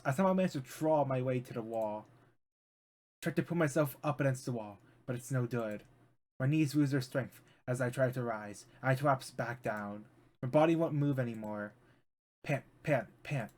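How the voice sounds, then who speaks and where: A man streaming as a VTuber, reading a visual novel aloud with drama and breaking into rambling asides. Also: mid-range voice.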